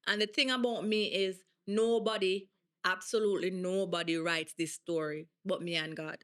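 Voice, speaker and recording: Bright-voiced Jamaican woman telling stories. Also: on the low side, moderate pace. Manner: animated, emphatic, slips into patois. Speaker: guest athlete. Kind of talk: interview storytelling.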